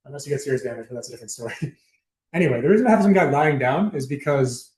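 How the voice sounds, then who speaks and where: A man's voice: medium pitch, animated, racing, darkish tone. A young man giving a casual, chatty presentation to a student club, loose and full of fillers and asides. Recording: echoey room.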